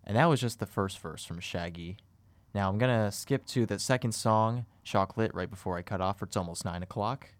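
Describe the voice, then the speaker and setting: A man's voice: lowish voice, a little fast, no echo. A man hosting a show, giving casual, loose commentary on songs.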